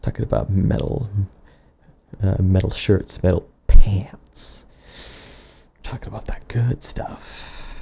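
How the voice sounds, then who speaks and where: A man with a fairly low, gravelly, husky voice improvises an absurd comedy monologue. He rambles in deadpan, often trailing off and starting over.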